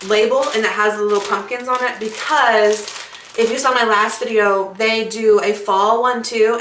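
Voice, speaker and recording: A woman's voice: mid-range voice, bright, forceful tone, slight background noise. A woman hosting a casual craft tutorial, chatty and bubbly, with lots of fillers and asides. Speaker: craft video host. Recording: echoey room, mic at a distance.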